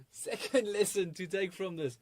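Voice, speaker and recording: Energetic man presenting a webinar, higher voice. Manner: energetic, rhetorical questions, chuckles often. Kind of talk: live online masterclass talk. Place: live online webinar.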